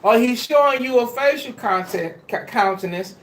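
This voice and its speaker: A man's voice: very high voice, lively intonation, normal speed, fairly bright tone. A man preaching a sermon to a congregation, emphatic and pleading, with casual street-style phrasing. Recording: roomy echo.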